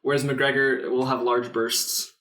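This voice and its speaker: Lively young man in an echoey room. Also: mid-range voice, unhurried, slight background noise. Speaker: podcast co-host. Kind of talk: casual chat.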